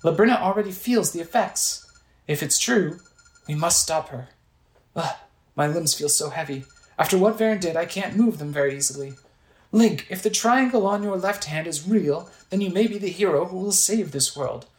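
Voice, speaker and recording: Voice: medium pitch, expressive, normal speed, echoey room, pitched above the performer's own voice, lightly acted, low-quality recording. A game player voicing a weakened, wise older woman from a video game who speaks earnestly and asks for help. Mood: weary.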